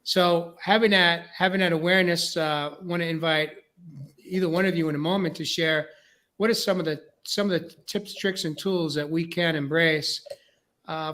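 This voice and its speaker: Male host, New York accent, high voice, casual and meandering. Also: a bit bright. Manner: rambling, repeats words while building points. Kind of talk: casual podcast discussion.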